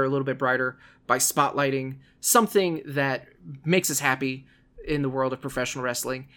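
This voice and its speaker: Animated male podcast host. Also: mid-range voice. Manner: animated, laughs often, acts out quotes. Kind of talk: casual podcast chat.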